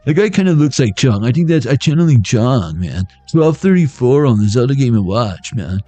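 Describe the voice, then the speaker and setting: A man's voice: medium pitch, big pitch swings, normal speed, few pauses, dark tone, no echo, faint music behind. A man giving a casual, joking tarot reading on a livestream. He rambles and swears freely. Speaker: tarot reader.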